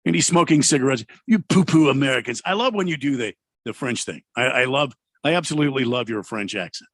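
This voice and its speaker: A man co-hosting sports talk radio, rambling and hesitating with many pauses. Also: medium pitch, expressive, fairly bright tone, no echo, clean studio sound. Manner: rambling, hesitant, full of uh's. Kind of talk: casual sports talk banter.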